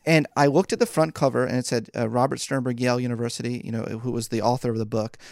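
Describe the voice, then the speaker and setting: A man from the Philadelphia area telling stories as a podcast guest, laughing often and jumping up in pitch when he quotes people. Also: fairly even intonation, quick pace, creaky, a little mellow, no room sound, clean studio sound. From Philadelphia area, United States. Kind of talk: animated storytelling in a podcast interview.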